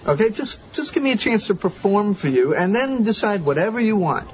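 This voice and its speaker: A man's voice: sits high, sing-song, a little fast. An actor playing an earnest, pushy man who pleads persistently. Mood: pleading. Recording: dull TV audio with background noise.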